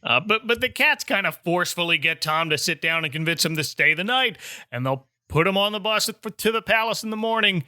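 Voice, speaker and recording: Guy hosting a podcast, really bright voice, lively pitch, dry close sound. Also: a little fast, few pauses, no echo. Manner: narrates plot with wry asides. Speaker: podcast host. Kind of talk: casual recap and chat.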